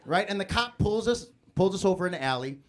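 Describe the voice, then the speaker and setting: A young man from Chicago doing a live stand-up set in a comedy club, telling a story with animated delivery and stammered restarts. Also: high-pitched, brisk.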